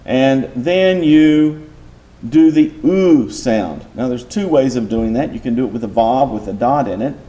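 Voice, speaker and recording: Man, Bible teacher, mid-pitched and warm-toned, patient lecture delivery with rhetorical questions.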